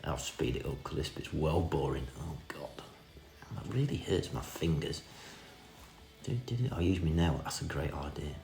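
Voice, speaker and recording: Cheeky man, very deep gravelly voice. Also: moderate pace. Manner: cheeky, self-mocking running commentary. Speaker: vintage reel restorer. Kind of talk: casual hands-on repair tutorial. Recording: echoey room with music behind.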